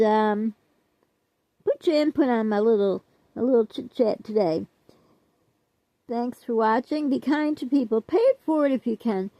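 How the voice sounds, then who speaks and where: Chatty older woman with a gravelly voice. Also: a little high, warm tone, dry recording, poor audio. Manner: chatty, self-deprecating, trailing off with "I don't know". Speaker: vlogger. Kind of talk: rambling casual chat to viewers.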